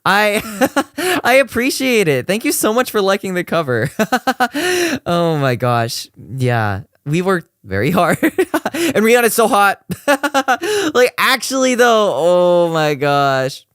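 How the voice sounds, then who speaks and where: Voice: mid-range voice, sing-song, slow, a bit bright, clean tone, no room sound. A young adult streamer chatting casually to a live audience, gushing and giggling between rambling thoughts. The voice swoops up and down constantly. It sounds close and dry, with no room behind it. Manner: giggly, laughs often, gushing; rambling with many fillers. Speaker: streamer reviewing a cover mix. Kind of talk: casual chat with viewers.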